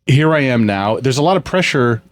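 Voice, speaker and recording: This forties-aged podcast co-host, who also runs his family's business, has an animated, mid-range voice and talks briskly. In a relaxed chat, he opens up about himself with honest, self-mocking reflection.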